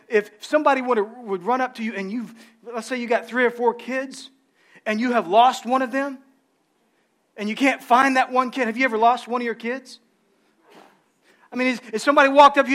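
Impassioned high-voiced preacher. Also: male voice. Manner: impassioned preaching, repeats words, swings between loud emphasis and quiet storytelling. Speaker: pastor. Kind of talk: sermon.

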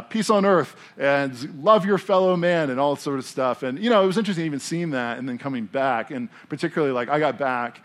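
An American man preaches in a loose, chatty way, as if talking with friends. He tells stories from the pulpit with plenty of fillers and restarts, at a middle pitch. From United States. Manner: animated storytelling with many fillers. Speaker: pastor. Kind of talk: casual conversational sermon. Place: church in Denver.

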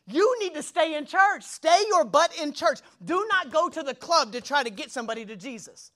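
Young male pastor, high and bright tone, casual slangy sermon delivery, lots of rhetorical questions. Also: normal speed. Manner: energetic, colloquial preaching with slang and rhetorical questions.

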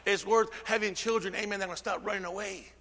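Man, pastor, sermon, high pitched, gravelly, amen call-and-response, long church reverb. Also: fairly even intonation, fast talker. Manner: swings from shouting to near whisper. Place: church sanctuary.

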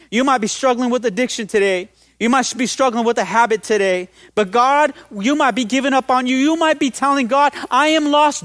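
A man preaching a lively sermon as pastor, calling out to his congregation and building up to emphatic lines. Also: extremely high pitch, dry recording, clean studio sound. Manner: energetic, call-and-response exhortation.

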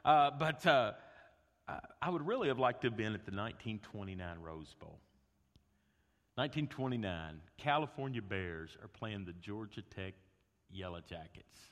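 A man preaching a sermon, an animated storyteller who swings between loud bursts and hushed tones. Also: lowish voice, moderate pace. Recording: long hall reverb.

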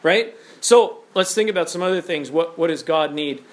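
A man preaching a lively sermon, full of rhetorical questions and told stories. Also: on the high side, normal speed. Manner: animated, storytelling, rhetorical questions.

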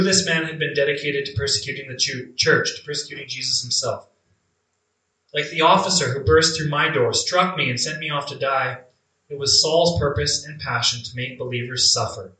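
A man's voice: mid-range voice, sharp tone, natural voice. A man playing Ananias, a devout chained prisoner, in an echoey room. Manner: earnest, reflective, with drawn-out emphatic phrases. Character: male early believer, imprisoned, beaten, blinded, devout. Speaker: actor in a first-person monologue. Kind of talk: dramatic monologue. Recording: echoey room, mic at a distance.

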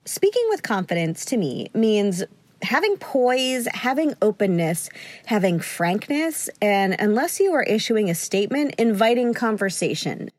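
Her voice slightly high and a bit mellow, a woman gives advice on her own solo podcast as a confidence coach. She's cheerful and talkative, laughs a lot, and at times sounds a touch breathless; there's no echo.

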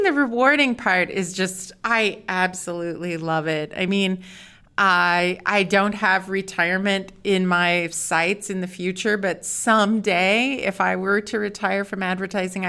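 A woman's voice: medium pitch, measured pace, bright, forceful tone, clean tone. A middle-aged woman co-hosting a podcast, talking earnestly and with enthusiasm in casual chat. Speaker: podcast co-host.

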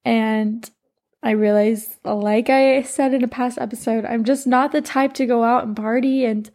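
A woman's voice: a little high, fairly even intonation, unhurried, darkish tone. A woman in her twenties, a podcast host and life coach, telling a personal story in a rambling, earnest way full of "like". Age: 20s. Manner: rambling, heavy on "like", emotional and earnest.

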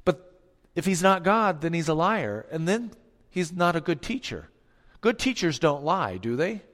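A man's voice: on the high side, big pitch swings, unhurried, a bit bright. A man preaching a sermon as pastor, emphatic, asking rhetorical questions and acting out the quotes he reads. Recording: long hall reverb.

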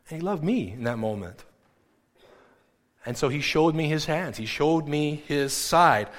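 In a church with long hall reverb, a middle-aged male pastor tells a story during his sermon. His medium-pitched voice is animated as he acts out the people he quotes.

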